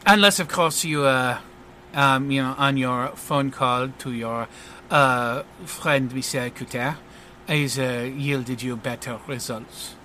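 A man's voice: medium pitch, steady tone, takes it slowly, sharp tone, slight background noise, voice pushed down. A man voicing a flamboyant, pompous male superhero with a put-on French accent, talking smugly and full of hesitations during a tabletop game. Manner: smug, theatrical, full of hesitations. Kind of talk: tabletop role-play voice acting.

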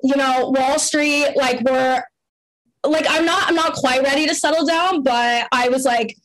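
Young woman, podcast guest, from canada, rambling casual chat, full of fillers, fairly high voice. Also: fairly even intonation, unhurried, a bit bright. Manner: rambling, heavy 'like' fillers, playful swearing.

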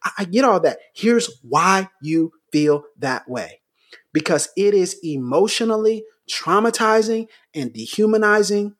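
On a talk show he co-hosts, this man offers passionate opinions in a voice that sits on the higher side. Repetition is his hammer, and he keeps rising toward something close to a shout.

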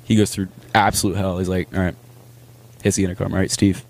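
A man's voice: deep voice, fast talker, vocal fry. A man joking around in casual podcast chat, telling a made-up scene with energy. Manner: joking, animated storytelling. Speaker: podcast co-host.

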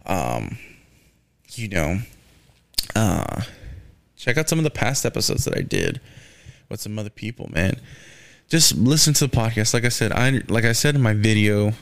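A man's voice: fairly low pitch, sing-song, moderate pace, vocal fry, pauses often, dry recording. A young man hosting his own podcast, rambling casually with lots of swearing and fillers like "man" and "you know". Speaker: podcast host. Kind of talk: casual solo podcast rant.

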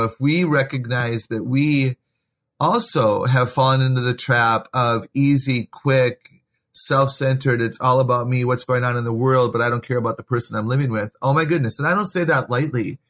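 A man's voice: mid-range voice, a bit bright. Earnest encouraging man giving parenting advice. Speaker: parenting author and guest. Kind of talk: conversational podcast interview.

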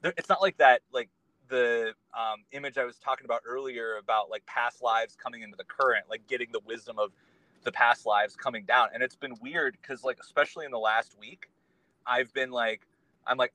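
A man's voice: mid-range voice, moderate pace, sharp tone, no room sound, poor audio. A man, a guest on a podcast, talking in a casual conversation and telling his story in an earnest, meandering way.

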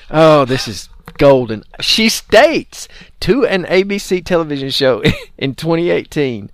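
A man's voice: on the high side, very animated, measured pace, slight background noise. A man hosting a podcast in casual chat, reading out story details with an amused, storytelling manner. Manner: amused, storytelling, laughs often. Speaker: podcast host.

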